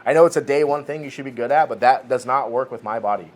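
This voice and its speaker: Fast-talking man in his forties. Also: medium pitch. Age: 40s. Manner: animated storytelling, swears freely, restarts. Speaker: podcast co-host. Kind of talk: casual chat.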